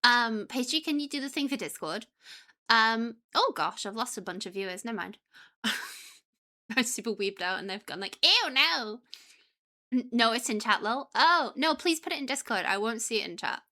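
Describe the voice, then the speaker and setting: A woman's voice: fairly high pitch, animated, normal speed, pushed and bright. A young woman streamer chatting casually, scattered and full of ums, breaking off mid-sentence. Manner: chatty, scattered, lots of ums and self-interruptions. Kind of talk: casual live-stream chat.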